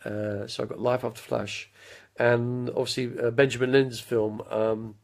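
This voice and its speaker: Gravelly man chatting on a home live stream. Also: medium pitch, little pitch movement, normal speed, a little mellow. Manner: chatty, drifting between anecdotes, bursts into impressions and song. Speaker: vlogger chatting to live viewers. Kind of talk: rambling live-stream chat.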